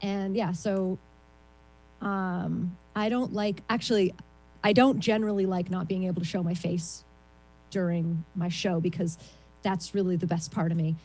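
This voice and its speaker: A woman's voice: fairly even intonation, normal speed, darkish tone, low-quality recording. Rambling woman doing stand-up over a call. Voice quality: self-described shrill voice. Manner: rambling, self-deprecating, frequent ums. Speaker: stand-up comedian. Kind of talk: stand-up set on a video call. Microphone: video call.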